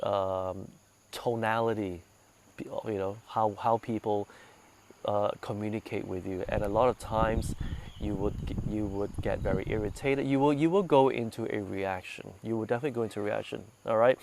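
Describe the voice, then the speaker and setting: A man leading a meditation group, talking gently and conversationally and putting questions to his listeners, a little congested from sinus trouble. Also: fairly low pitch, moderate pace, creaky. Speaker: meditation guide. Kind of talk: relaxed talk to a meditation group.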